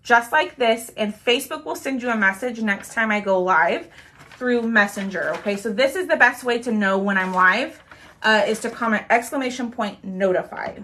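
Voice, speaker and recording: Gal doing a craft livestream, bright highish voice, chatty and bubbly, thanks everyone in the comments. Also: female voice, moderate pace, a little hiss or hum. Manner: bubbly, talks to viewers while working, thanks commenters. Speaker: craft live-stream host. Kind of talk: chatty live craft demo.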